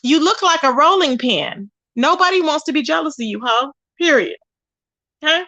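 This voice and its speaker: A woman hosts a livestream and rants in profane, combative bursts, with a high voice that stays pointed and scornful. She turns to her viewers with drawn-out, sassy asides. The sound is dry and close, with no room echo. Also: animated, bright, forceful tone. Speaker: livestream host. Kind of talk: ranting livestream commentary.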